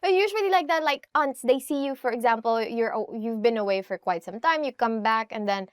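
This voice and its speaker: A woman with a Filipino accent teaches a casual language lesson in a fairly high voice, recorded close and dry. She chats freely, laughs often and says her example phrases slowly. Her delivery is relaxed and friendly in tone. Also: no room sound.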